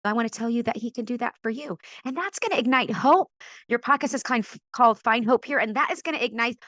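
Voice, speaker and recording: Lively Christian woman sharing her testimony. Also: a little high, fast, no echo. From California. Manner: expressive storyteller, acts out quoted voices, laughs often. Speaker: podcast guest, author. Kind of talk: animated testimony in a faith interview.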